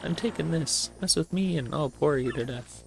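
A gamer voicing a boastful, brutish turtle king villain with loud, huffy delivery. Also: mid-range voice, moderate pace, vocal fry, over music, lightly acted. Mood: gloating.

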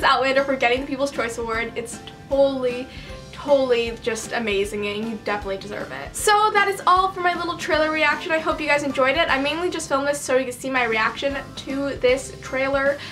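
Young woman, book vlogger, excited casual chat, high voice, gushing, giggly. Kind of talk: excited casual vlog reaction.

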